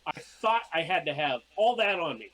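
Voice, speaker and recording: A man's voice: on the high side, very animated, a little fast, crowd noise, rough recording. A middle-aged man, a podcast guest, telling casual stories and acting out his own past lines. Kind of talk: casual storytelling.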